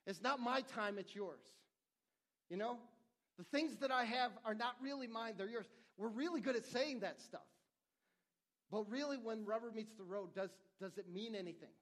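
High-voiced earnest male pastor preaching. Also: moderate pace. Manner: earnest, conversational preaching with repeated restarts. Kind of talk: sermon.

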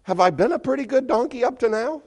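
A man voicing a put-upon talking male donkey in a high, pleading voice during a sermon. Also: lively intonation, fast, full character voice. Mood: indignant. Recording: long church-hall reverb.

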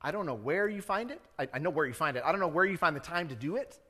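A man's voice: a little high, lively intonation, fast, bright, forceful tone. Conversational male pastor in a reverberant church. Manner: conversational preaching, rising to fervent appeals. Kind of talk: sermon. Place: church sanctuary.

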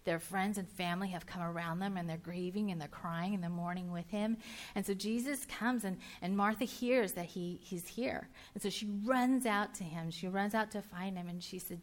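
A woman preaching a casual, conversational sermon, chatty and full of quick restarts, laughing easily and bantering with her listeners. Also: medium pitch.

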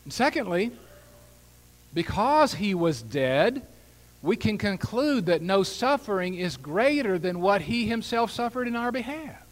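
A man preaching a sermon as a pastor. He swings between quiet, intimate asides and loud, rising emphasis, with wry humor along the way. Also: measured pace, in a large hall, rough recording. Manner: animated preaching with wide swings in pitch and loudness, wry asides.

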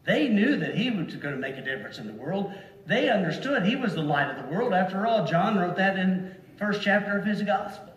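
A man preaching a sermon to a congregation, slow and deliberate, leaning hard on single words to stress them. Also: high-pitched, big pitch swings, highs cut off. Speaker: pastor. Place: church sanctuary. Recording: echoey hall from far off.

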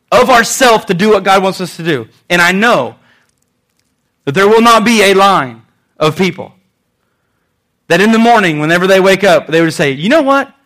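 A man preaches in an animated way, rising loud and dropping soft. His voice sits fairly high for a man. He plays out quotes in different voices. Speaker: pastor. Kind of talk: sermon.

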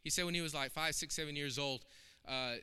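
A man's voice: fairly high pitch, a little fast, pushed and bright, clean tone. A man preaching a sermon in a church, emphatic and impassioned, repeating phrases for weight. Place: church sanctuary. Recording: long hall reverb.

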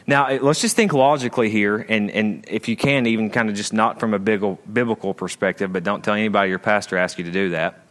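A male pastor preaching a sermon in a church, swinging between raised emphatic lines and low, quiet asides. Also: fast talker, hardly any pauses.

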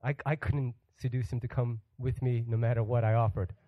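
A man's voice: mid-range voice, flat delivery, fairly quick, no room sound, phone-quality sound. A man preaching a sermon as a guest pastor, joking with the congregation and putting questions to them. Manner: humorous, acts out quoted voices; asks the audience questions.

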